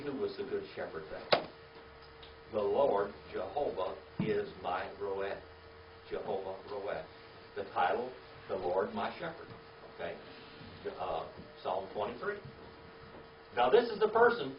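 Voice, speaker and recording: A man's voice: medium pitch, slight background noise. A man teaching a Bible class, asking questions and having the group repeat Hebrew words aloud. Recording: roomy, distant, dull lo-fi sound.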